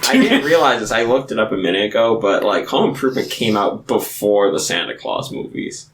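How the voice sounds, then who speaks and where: A man's voice: lowish voice, animated, fairly quick. A man co-hosting a casual movie podcast, making wry, dry observations. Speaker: podcast co-host. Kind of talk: casual movie-review chat.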